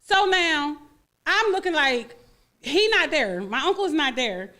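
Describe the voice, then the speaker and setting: A woman co-hosting a radio talk show, telling stories in a blunt, profane, animated way. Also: high voice, slow. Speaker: radio co-host. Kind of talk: casual chat.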